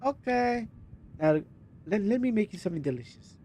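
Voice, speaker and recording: A man's voice: high voice, normal speed, a little hiss or hum. A man streaming a horror game, chatting casually between dialogue lines. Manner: chatty, laughing, animated. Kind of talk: casual let's-play commentary.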